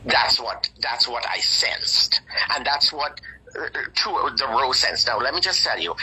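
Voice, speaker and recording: A guest telling a personal story in casual chat, animated and emphatic with dramatic asides. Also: mid-range voice, measured pace, husky, rough recording.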